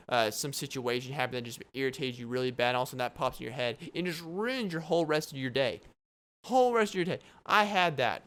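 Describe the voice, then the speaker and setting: Young man, podcast host, casual rambling talk, laughing asides, clean resonant voice, mid pitch. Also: a bit bright, smooth. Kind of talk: casual solo podcast monologue. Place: home at night, downstairs apartment.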